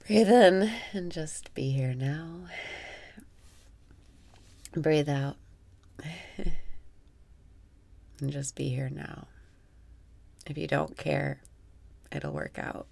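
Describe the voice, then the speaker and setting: A woman leads a guided meditation in a low, gravelly voice, taking her time over every phrase. She talks softly, often sinks into a whisper, and laughs wryly at herself between instructions. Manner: slow, soft-spoken, often dropping to a whisper, with wry self-mocking laughs.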